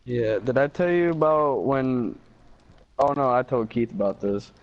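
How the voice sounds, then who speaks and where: A man's voice: medium pitch, a little slow. A young man from Michigan telling a story casually over a game headset, with fillers and swearing. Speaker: gamer chatting on a live stream. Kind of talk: casual chat. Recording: slightly dull party-chat audio.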